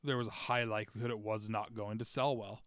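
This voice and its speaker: A man hosting a podcast in casual chat, talking fast with frequent stammers and restarts. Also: lowish voice, fairly even intonation, a bit bright, smooth, dry recording, studio quality. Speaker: podcast host.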